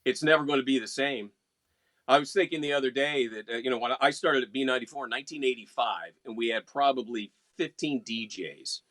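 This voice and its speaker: Radio guy from west virginia, easygoing and wry, dry close sound, middle pitch. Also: fairly quick, fairly bright tone, dry recording. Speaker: co-host and veteran radio announcer. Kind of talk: casual chat.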